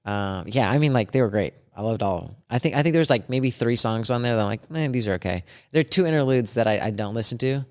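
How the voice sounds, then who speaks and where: A man who is a podcast guest, chatting casually with quick, eager back-and-forth questions. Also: mid-range voice, lively intonation. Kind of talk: casual chat.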